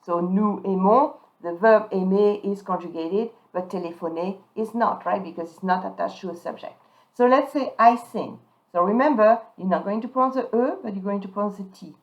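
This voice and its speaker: Woman, language teacher, mid-pitched voice, emphatic word modelling, dull lo-fi recording. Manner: slow, emphatic modelling of French words. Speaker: French teacher. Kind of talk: pronunciation lesson. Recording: dull lo-fi sound.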